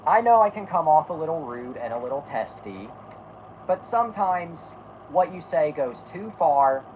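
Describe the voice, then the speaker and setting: A woman's voice: sits low, noisy background. A woman hosting a casual podcast, talking bluntly and rambling, stopping to correct herself and swearing freely. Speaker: podcast host. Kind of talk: casual chat.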